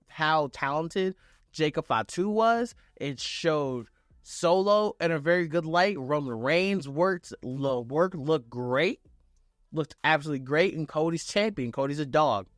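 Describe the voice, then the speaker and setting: Excitable, foul-mouthed man recapping wrestling. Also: a little high, a little slow, dry recording, studio quality. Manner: excitable, profane play-by-play retelling. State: on vacation. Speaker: wrestling reviewer. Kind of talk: casual reaction review.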